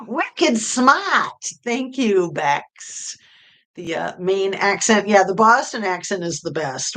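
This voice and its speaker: A middle-aged woman hosting a true crime livestream, chatting casually with viewers in a rambling way full of fillers. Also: lowish voice. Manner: rambling, with many fillers and pauses. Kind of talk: casual livestream chat reading viewer comments.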